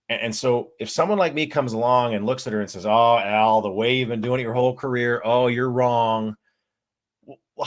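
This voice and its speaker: A man answering audience questions at a conference, candid and self-deprecating, telling personal stories with frequent restarts. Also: lowish voice.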